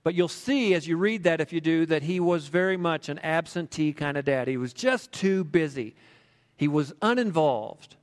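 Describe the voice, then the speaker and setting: A man's voice: fairly high pitch, animated, normal speed. Conversational male preacher in a reverberant hall. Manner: conversational, with frequent fillers. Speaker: pastor. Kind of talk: sermon with storytelling.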